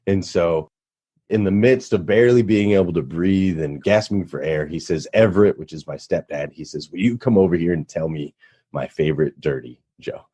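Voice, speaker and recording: Man, very low voice, husky, earnest motivational storyteller, podcast guest. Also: moderate pace, warm tone. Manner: earnest motivational storyteller, rises into emphatic preaching. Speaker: radio show host, podcast guest.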